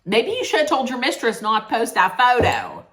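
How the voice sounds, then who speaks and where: A woman's voice: a little high, sing-song, moderate pace, fairly bright tone, faint music behind. A woman giving a casual, blunt recap of a reality show, chatting, swearing freely and correcting herself as she goes.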